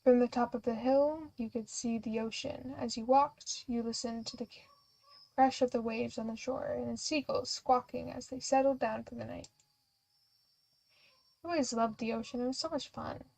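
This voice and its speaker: A woman's voice: fairly high pitch, steady tone, moderate pace, gravelly, darkish tone, low-quality recording. A young woman streamer reading a story game aloud, breaking off into giggly, chatty asides. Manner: giggly, chatty, self-interrupting.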